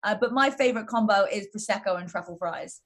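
Upbeat English woman talking fast. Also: medium pitch, a bit bright. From England. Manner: upbeat, heavy use of "like". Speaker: guest, fitness entrepreneur. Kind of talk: casual interview.

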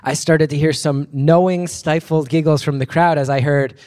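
A man's voice: a little high, steady tone, moderate pace, a little mellow, long reverb tail. An American man hosting a live phone-in show, playful and rambling, joking at his own expense. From United States. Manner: playful, rambling, self-mocking. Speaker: host.

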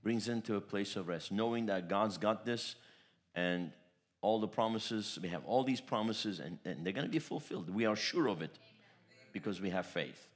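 A man preaching a sermon as pastor, storytelling with repeated phrases and swinging between loud declarations and soft asides. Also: fairly low pitch, animated, normal speed.

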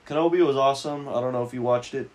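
A man's voice: medium pitch, quick pace, darkish tone. A young man co-hosting a casual podcast, laid-back and swearing freely as he chats. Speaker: podcast co-host. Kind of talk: casual crude chat.

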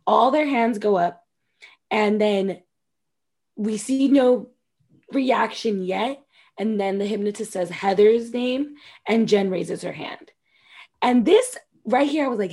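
A woman's voice: mid-range voice, takes it slowly, pauses often, warm tone, slightly rough. A woman co-hosting a casual podcast, animatedly recapping a reality show, acting out quotes and swearing freely. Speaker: podcast co-host.

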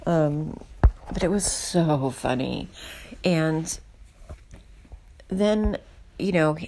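A woman's voice: deep voice, animated, very slow, warm tone. A woman hosting her own podcast, talking in a candid, rambling and self-deprecating way as a casual monologue. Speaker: podcast host.

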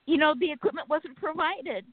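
A woman calling in to a talk show, telling her story in an earnest, frustrated way with many fillers and pauses. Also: high voice, dry recording. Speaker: caller. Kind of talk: phone-in storytelling. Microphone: telephone. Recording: phone line.

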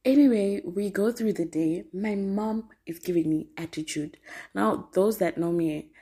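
A woman in her twenties telling a story as a podcast host, animated and slangy, laughing often. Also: mid-range voice, unhurried, breathy edge. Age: 20s. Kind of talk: casual storytelling monologue.

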